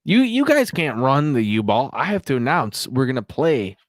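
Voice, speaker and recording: A man's voice: medium pitch, huge pitch swings, moderate pace, no room sound. A young man hosting a casual podcast, rambling and laughing a lot as he talks. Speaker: podcast host. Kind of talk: casual chat.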